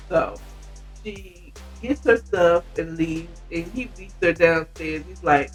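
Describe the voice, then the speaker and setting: A woman's voice: lowish voice, takes it slowly, soft background music. A woman hosting a podcast who casually retells a book's plot with rambling asides. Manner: chatty, rambling, with frequent asides. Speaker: podcast host reviewing a book. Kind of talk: casual storytelling recap.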